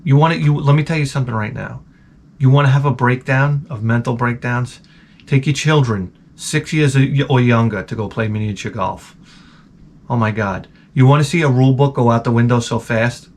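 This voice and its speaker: A channel host with a mid-range voice rants casually at a moderate pace, telling wandering, vulgar comic stories and derailing himself now and then. Slight background noise is audible.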